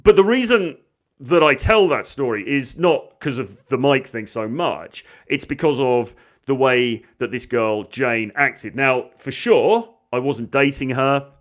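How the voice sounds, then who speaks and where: A man's voice: mid-range voice, measured pace. A man, a dating coach, telling a story from his school days and acting out the lines of the people in it. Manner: animated, acts out quoted lines. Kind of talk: storytelling monologue.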